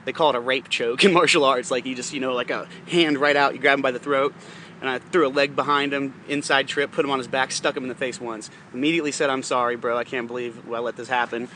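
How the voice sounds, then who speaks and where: A young man with a bright, forceful voice rambles through a profane personal story, laughing now and then as he talks. Faint traffic hum sits behind him. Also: mid-range voice, steady tone, quick pace. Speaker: podcast host. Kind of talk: casual storytelling monologue.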